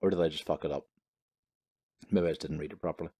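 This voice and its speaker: A man's voice: extremely low pitch, fairly even intonation, fast talker, warm tone. A man with a Northern Irish accent giving casual, rambling let's-play commentary, full of fillers and cheerful swearing. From Northern Ireland. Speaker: gaming commentator.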